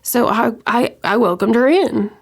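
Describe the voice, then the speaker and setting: Gravelly-voiced woman, hesitant. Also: on the high side, expressive, a little slow. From West Texas. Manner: hesitant, many ums and restarts. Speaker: interview guest. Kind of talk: personal account in an interview.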